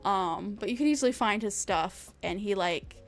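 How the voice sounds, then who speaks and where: A woman's voice: medium pitch, expressive, moderate pace, faint music behind. A young woman streamer chatting casually with her viewers, rambling, laughing often and swearing freely.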